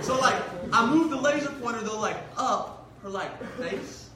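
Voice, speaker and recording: A young man giving a sermon as a youth pastor, telling a funny school story in an animated way with lots of "like". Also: high-pitched, moderate pace, hardly any pauses, crowd noise. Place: large hall. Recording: echoey hall, mic at a distance.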